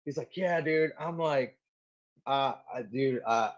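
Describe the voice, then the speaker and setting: A man's voice: medium pitch, slow pace. A man in his thirties, a Marine guest on an interview show, telling a story casually and animatedly with lots of "like"s. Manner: animated, filler-heavy storytelling with many "like"s. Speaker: Marine gunnery sergeant guest. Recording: slightly dull lo-fi audio.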